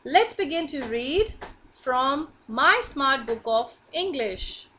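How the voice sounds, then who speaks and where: A woman teacher leads an online reading class for young children. Her high voice swings up and down in a lively sing-song. She speaks slowly and clearly, with a bright tone.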